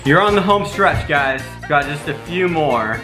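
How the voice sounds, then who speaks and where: A man's voice: fairly high pitch, expressive, unhurried. A man hosting a casual family vlog taste test, teasing and announcing each round like a game show. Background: background music.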